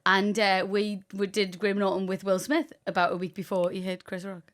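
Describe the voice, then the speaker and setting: A chatty woman with a Liverpool accent co-hosting a relaxed podcast. She giggles often and fills her sentences with "like". Her voice is at a middle pitch for a woman. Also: a little fast. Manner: chatty, giggly, says like a lot. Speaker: podcast co-host. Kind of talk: casual podcast chat.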